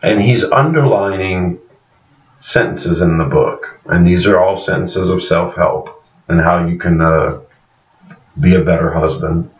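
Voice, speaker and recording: A low-voiced man gives a loose, rambling recap of a TV episode and keeps fixing the character names as he goes. He sits some way back from the mic in an echoey room, and the recording sounds dull and muffled. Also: measured pace, far from the mic. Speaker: show reviewer.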